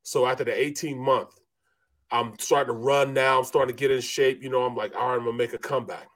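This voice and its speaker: A man's voice: mid-range voice, steady tone, quick pace, a bit bright. A middle-aged man, a former football player and co-host, telling a long casual story with lots of bro and man, acting out quotes. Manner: laid-back, says bro and man a lot, acts out quotes. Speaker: former NFL lineman, co-host.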